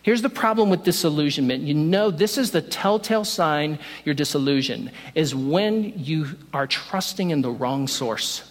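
A man preaching a sermon, telling a story in an animated way and acting out the lines of the people in it. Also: fairly high pitch, normal speed, few pauses. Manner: storytelling, animated, acts out quotes. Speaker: pastor. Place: church sanctuary. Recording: long hall reverb.

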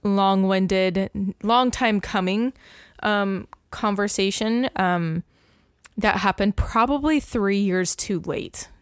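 A young woman in casual podcast chat, an animated storyteller who laughs often. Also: mid-range voice, slow, clean tone, no room sound, studio quality.

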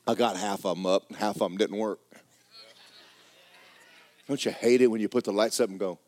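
A man preaching a sermon, swinging from loud exhortation to quiet, joking asides. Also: fairly low pitch, steady tone, normal speed.

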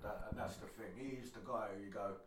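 A man's voice: fairly low pitch, steady tone, fairly quick, echoey room, distant mic, a little hiss or hum. A man chatting casually about amateur football as a guest, laddish and swearing, laughing often. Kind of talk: casual chat.

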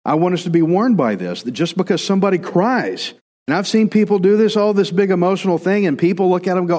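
A man's voice: sits high, animated, fast talker, a little mellow. Man preaching in a reverberant church hall. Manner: conversational preaching, acts out quoted voices. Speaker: pastor. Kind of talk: sermon.

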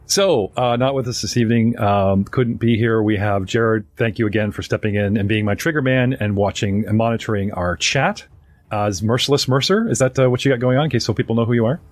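A man's voice: lowish voice, brisk, no echo. A man hosting a live-streamed tabletop game, chatty and rambling as he introduces his players. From North America. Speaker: game master and podcast host.

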